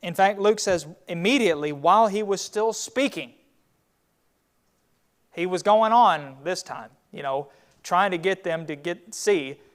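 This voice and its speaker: A man's voice: high-pitched, a little slow. Man teaching a Bible class. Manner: retells scripture with acted quotes, conversational.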